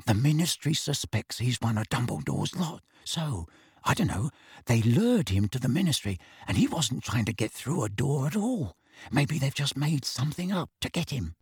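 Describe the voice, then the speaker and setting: A man voicing an excitable, easygoing teenage schoolboy wizard who mutters conspiratorially in a storybook reading. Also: a little high, fairly quick, breathy edge, no echo, studio quality.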